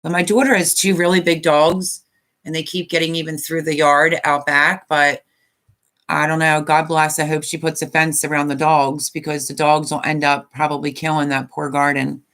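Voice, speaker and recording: A woman's voice: deep voice, flat delivery, normal speed, a bit bright. A woman in her fifties hosting a casual live stream, chatting in a rambling way and reading viewer comments aloud.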